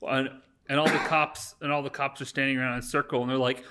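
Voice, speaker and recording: Male podcast host, casual rambling movie recap, mid-pitched, throws in character lines. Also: steady tone, sharp tone, clear, resonant tone. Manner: rambling, acts out characters' lines in quick voices.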